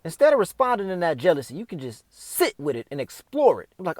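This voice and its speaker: A man's voice: a little high, big pitch swings, a little fast, few pauses, darkish tone, no echo. A man giving casual, off-the-cuff spiritual advice, talking straight to the listener in loose slang. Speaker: host.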